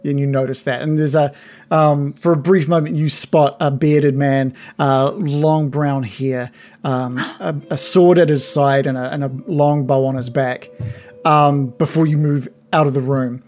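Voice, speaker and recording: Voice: mid-range voice, fairly even intonation, measured pace, darkish tone, faint music behind. A game master narrating a tabletop game, hesitant and full of ums.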